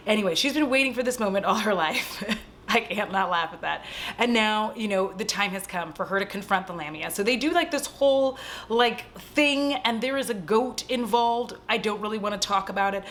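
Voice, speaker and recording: A young woman casually recapping a horror film at home, animated and swearing freely as she acts out the characters' lines. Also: mid-range voice, slight background noise. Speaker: vlog host.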